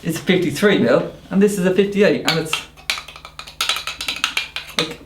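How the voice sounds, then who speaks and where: A man with an Irish accent, a barista co-hosting a casual podcast chat, telling emphatic, animated stories. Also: high voice, measured pace, reverberant, music in the background. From Ireland. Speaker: barista and co-host.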